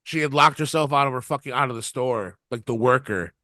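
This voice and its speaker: A man's voice: medium pitch, fairly quick, bright, forceful tone, no room sound, studio quality. A man co-hosting a podcast, telling a long, rambling, profane story and laughing along as he goes. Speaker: podcast co-host. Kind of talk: casual anecdote telling.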